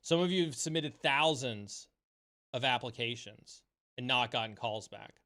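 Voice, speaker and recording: A man with a medium-pitched, animated voice that sounds pushed and bright, speaking at normal speed. He hosts a livestream chat from his home setup, delivering an impassioned motivational talk, swearing freely and repeating phrases for emphasis, before taking viewer questions.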